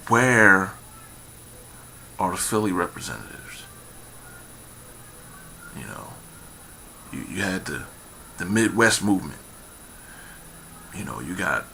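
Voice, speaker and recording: Philly man, slowish, low-pitched, bright forceful tone, rambling vlog commentary with lots of fillers. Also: slight background noise. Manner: rambling, repeats himself, many fillers, grows emphatic. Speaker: vlogger. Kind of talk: casual commentary monologue.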